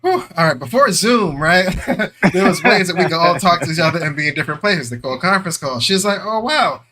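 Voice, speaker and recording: A man's voice: a little high, fast, a little hiss or hum. A middle-aged man co-hosting a podcast, telling stories in casual chat and acting out the voices in them. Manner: animated storyteller, acts out voices, swears. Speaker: podcast co-host.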